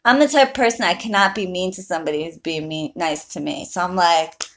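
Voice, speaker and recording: A woman's voice: lowish voice, a little fast. Profane, heated woman ranting on a livestream. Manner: chats with viewers. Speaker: online witch and spell practitioner. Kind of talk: casual livestream rant.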